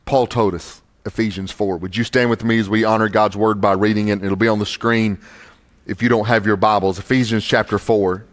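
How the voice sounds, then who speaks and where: A pastor preaching a sermon, reading scripture slowly and building to emphatic stresses on key words. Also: male voice, fairly low pitch, steady tone. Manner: slow, deliberate scripture reading.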